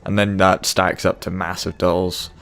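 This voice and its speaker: A man's voice: deep voice, little pitch movement, unhurried, vocal fry, a bit bright. A man giving casual, joking, rambling commentary while playing a video game. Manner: joking, rambling, self-deprecating. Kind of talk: casual let's-play commentary.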